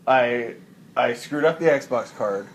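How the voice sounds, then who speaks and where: A man's voice: medium pitch, takes it slowly, slight background noise. A young man co-hosting a podcast, joking around in casual chat and putting on silly voices. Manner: jokey, playful, puts on silly voices. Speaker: podcast co-host.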